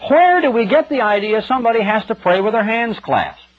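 Over faint background music and dull, lo-fi sound, a man preaches a radio sermon in plain, everyday, emphatic language. His voice sits a little high, is expressive with wide pitch movement, and runs a little fast in a conversational manner.

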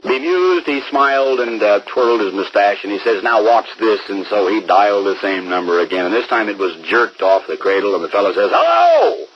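A man's voice: on the low side, a little fast, few pauses, highs cut off, a little hiss or hum. A man preaching a radio sermon, emphatic and drawing out key words for stress.

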